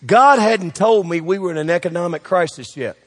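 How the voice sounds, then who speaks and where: A man's voice: sits high, expressive, husky, in a large hall. A man preaching a sermon as pastor, joking with the congregation and throwing questions back at them. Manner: preachy and joking, quick shifts in loudness, call-and-response questions.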